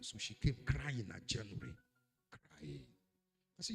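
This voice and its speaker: Dramatic preacher, lively pitch. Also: male voice, a little slow, vocal fry, long pauses. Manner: dramatic, swings from shouting to hushed. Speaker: pastor. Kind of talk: sermon.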